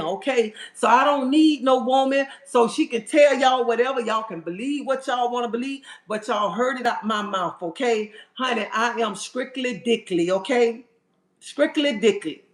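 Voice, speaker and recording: A man's voice: very high voice, moderate pace, hardly any pauses. A man ranting on a livestream to viewers, sassy and emphatic, calling them "honey" and asking "okay?". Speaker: livestream host. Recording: roomy echo.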